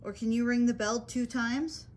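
A woman's voice: a little high, fairly even intonation, normal speed. Patient woman coaxing spirits. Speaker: paranormal investigator. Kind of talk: calling out to spirits during a ghost hunt. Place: old hotel interior.

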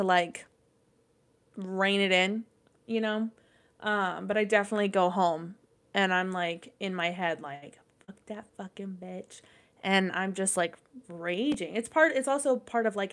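A woman's voice: medium pitch, a bit bright. A young adult woman hosting a podcast, talking casually, swearing a lot, rambling with plenty of fillers. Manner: profane, rambling, lots of fillers. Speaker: podcast host. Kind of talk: casual chat.

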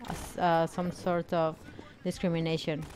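A woman's voice: lowish voice, level tone, normal speed, a little mellow. A young woman from Mexico streaming a game, chatting to chat and reacting aloud, swearing when frustrated. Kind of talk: casual gameplay chat. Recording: game gunfire and noise behind the voice. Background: game sounds and gunfire.

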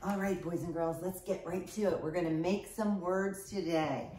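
A kindergarten teacher giving an online phonics lesson, sounding out letters slowly with bright, exaggerated emphasis. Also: female voice, lowish voice, fairly even intonation, distant mic. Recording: echoey room, a bit off-mic.

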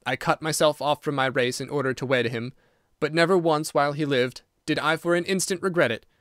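A woman's voice: low-pitched, brisk, dry recording, studio quality, close to an everyday voice. A man reading the part of a proud, desperate young wife and mother in an audiobook, earnest and pleading.

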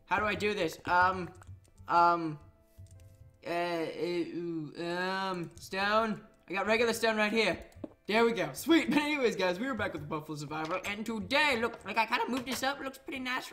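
A young man rambling excitably through casual gameplay commentary, full of fillers and restarts. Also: high voice, moderate pace. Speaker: gaming YouTuber. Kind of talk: casual Minecraft let's play commentary.

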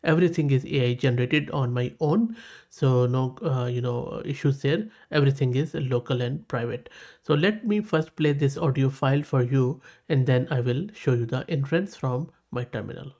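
Here a man with a South Asian English accent hosts his tech channel's laid-back screen-recorded tutorial. He reads the results aloud with enthusiasm and keeps repeating how good they are, his mid-range voice carrying a darkish tone at normal speed.

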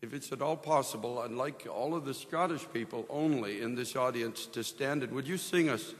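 Middle-aged American pastor, earnest preaching, mid-range voice, restarts often, recorded in a big echoing hall. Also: male voice, mid-range voice, moderate pace. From United States. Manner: earnest preaching with frequent restarts and prayerful exclamations. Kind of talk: sermon at an evangelistic rally. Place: large hall.

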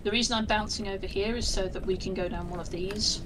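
A woman streaming a co-op video game, chatting casually and urging her partner along with quick repeated directions. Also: mid-range voice, steady tone, noisy background. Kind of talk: casual gaming chat.

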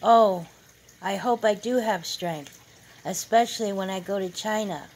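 A woman's voice: mid-range voice, a little slow, darkish tone, low-quality recording. A woman reading aloud, voicing a proud and bossy older mother who boasts about her son. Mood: wistful. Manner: boastful, emphatic.

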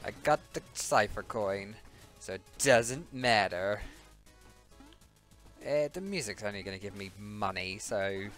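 A man doing gaming commentary, given to excited yelps and panicked exclamations. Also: lowish voice, a little slow, long pauses, soft background music. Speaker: let's play host.

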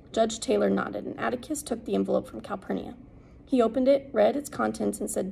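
A woman narrating an audiobook in a steady, unhurried reading. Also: fairly high pitch, gravelly, husky, rough recording. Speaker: audiobook reader.

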